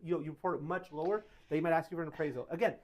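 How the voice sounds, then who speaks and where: A man giving casual Q&A answers to a live audience, telling animated stories and correcting himself as he goes. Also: fairly high pitch, racing. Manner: animated storytelling, self-correcting. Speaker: tax advisor speaker. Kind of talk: casual Q&A talk.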